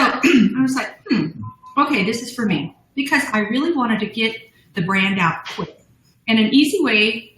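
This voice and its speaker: A middle-aged American woman who founded a business tells her story as a guest in a live interview, bubbly and laughing often. Her mid-range voice is a bit bright, heard in an echoey room on a low-quality recording.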